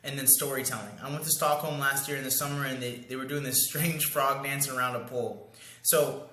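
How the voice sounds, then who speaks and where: A man's voice: mid-range voice, fairly even intonation, a little fast, bright, forceful tone. A young man coaching in a casual, slangy monologue, acting out pickup lines and sound effects. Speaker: dating coach. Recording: echoey room.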